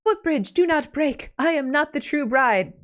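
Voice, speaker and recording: A woman voicing a young maid in disguise, speaking in a high sing-song, old-fashioned manner. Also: lively intonation, moderate pace. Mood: evasive.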